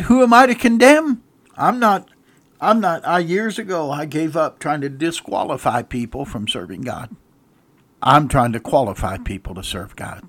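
Male pastor, sermon, fairly high voice, loud-to-soft swings, reads scripture aloud, dry close recording. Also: no echo. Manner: preaches with sweeping swings between loud emphatic peaks and soft low passages; reads scripture aloud in King James wording.

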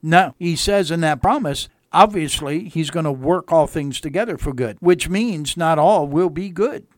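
A male pastor giving a radio sermon in a folksy, earnest way, leaning on repeated phrases. His voice sits a little high for a man, and the close-miked sound is dry, with no room around it. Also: normal speed, no room sound.

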